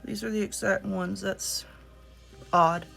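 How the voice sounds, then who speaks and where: A woman's voice: mid-range voice, fairly even intonation, slow, creaky, fairly bright tone, faint music behind. A woman with a Southern US accent giving a casual spoken card reading, talking earnestly and directly to the viewer. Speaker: tarot reader.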